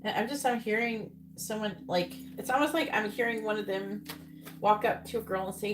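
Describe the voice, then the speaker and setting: A woman's voice: medium pitch, normal speed. A woman giving a live tarot reading, calling out cards in a murmur and breaking into incredulous asides. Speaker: psychic tarot reader. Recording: loud background noise.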